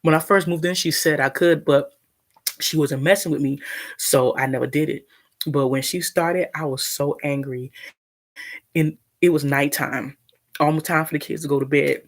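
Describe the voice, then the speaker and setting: A low-voiced woman at home tells her live-stream viewers a long, indignant story at a moderate pace with fairly even intonation, rambling, restarting often, and eating while she talks.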